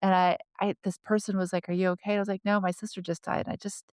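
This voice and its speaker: Animated woman telling stories. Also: medium pitch, quick pace, clean tone, no echo, clean studio sound. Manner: animated storyteller, frequent restarts and laughter. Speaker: podcast co-host. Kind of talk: casual conversation.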